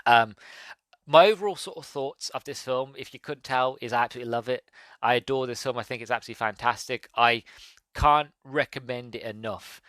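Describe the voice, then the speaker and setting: A man's voice: mid-range voice, fairly bright tone, no echo. A man hosting a podcast, casually reviewing a film in a rambling, enthusiastic way with many fillers. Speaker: podcast host. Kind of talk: casual movie review monologue.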